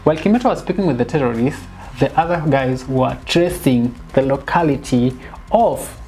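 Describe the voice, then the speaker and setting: A woman giving a casual, animated film critique, dropping in bits of Swahili slang and sounding exasperated. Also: extremely low pitch, moderate pace. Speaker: film reviewer.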